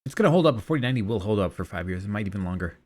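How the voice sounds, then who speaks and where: A man streaming a video game in casual, rambling commentary. He often trails off into quiet mumbles. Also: lowish voice, expressive, racing.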